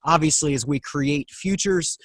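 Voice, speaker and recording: A man's voice: a little high, normal speed, a bit bright, no room sound, rough recording. A man hosting a podcast interview, upbeat and encouraging, often restarting his sentences. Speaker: podcast host.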